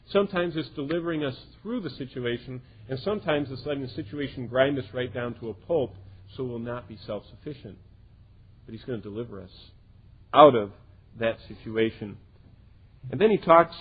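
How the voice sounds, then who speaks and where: A man preaching a sermon in an earnest way, swinging between loud emphasis and hushed quiet lines. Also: mid-range voice, husky. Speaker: pastor. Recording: tinny lo-fi phone-like recording.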